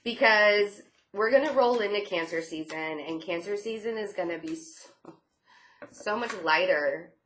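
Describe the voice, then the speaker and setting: A woman's voice: medium pitch, a little slow, a bit bright. A young woman giving a casual tarot reading, chatty and a little sarcastic, with frequent fillers and light laughs. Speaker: tarot reader.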